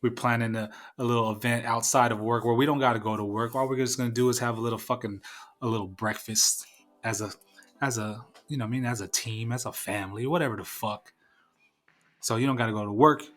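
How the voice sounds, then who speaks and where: A young man hosts his own podcast alone, ranting in a blunt and profane way. His voice sits in a middle pitch. Faint music plays quietly underneath him. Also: fairly even intonation, fast talker. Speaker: podcast host. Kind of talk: casual solo podcast rant.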